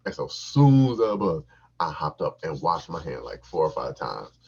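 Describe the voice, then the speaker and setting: A man hosting a podcast, telling a crude, profane comic story in an animated, repetitive way with a husky voice on a dull, lo-fi recording. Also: very deep voice, normal speed. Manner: animated, crude, repeats himself for laughs.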